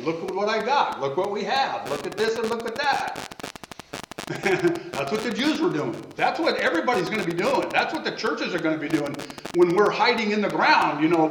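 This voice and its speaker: A man's voice: fairly high pitch, fairly bright tone. A man preaching a Bible study sermon, reading scripture and then explaining it in a conversational way, often restarting his sentences. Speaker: pastor. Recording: echoey room, mic at a distance, faint noise.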